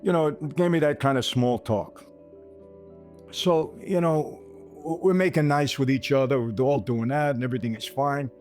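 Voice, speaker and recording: A man's voice: mid-range voice, moderate pace, darkish tone, soft background music. A man hosting a podcast, telling a personal story straight to his listeners and acting out the dialogue. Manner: speaks straight to listeners, calling them "people"; retells scenes by acting out quoted dialogue. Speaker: podcast host. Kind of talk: storytelling monologue.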